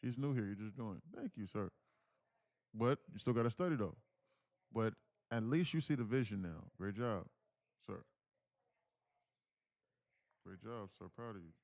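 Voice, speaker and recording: A man with a lowish voice runs a live day-trading stream, speaking a bit slowly and pausing often. Even so, he's animated, reading the chat aloud in a casual, slangy way with the odd profanity.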